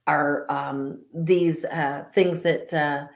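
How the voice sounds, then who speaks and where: A woman's voice: low-pitched, steady tone, very slow, reverberant. A woman co-hosting a casual spiritual chat, talking loosely with many fillers and easy laughs. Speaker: co-host.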